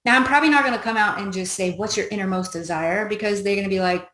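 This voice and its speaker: An upbeat woman teaching a recruiting method, voicing both the customer and herself as she explains each step. Her mid-pitched voice rings in a roomy, echoey space. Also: fast, fairly bright tone. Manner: upbeat, coaching, acts out both sides of a chat. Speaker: business trainer. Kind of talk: training talk on recruiting conversations. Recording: echoey room.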